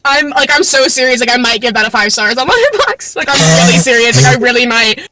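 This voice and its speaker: High bright giggly young woman vlogging. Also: very animated, fast, faint music behind, rough recording. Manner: gushing, giggly, says "like" and "literally" a lot. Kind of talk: casual excited vlog chat.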